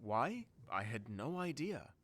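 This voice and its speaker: A wistful ship passenger. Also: male voice, medium pitch, takes it slowly, full character voice. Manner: calm, wistful storytelling. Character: reflective male ship passenger narrating a journal. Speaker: narrator. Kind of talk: scripted game narration.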